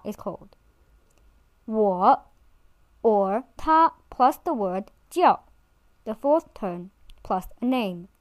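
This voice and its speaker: A woman giving a scripted language lesson, speaking clearly and slowing down to model each word. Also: on the high side, no room sound. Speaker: language teacher. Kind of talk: scripted instructional narration.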